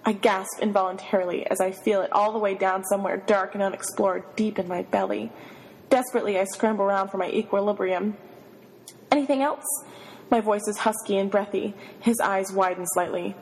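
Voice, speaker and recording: A woman reading a novel aloud in the first person, giving the inner monologue an expressive, flustered delivery. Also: medium pitch, brisk, creaky, in a large hall, poor audio. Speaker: reader.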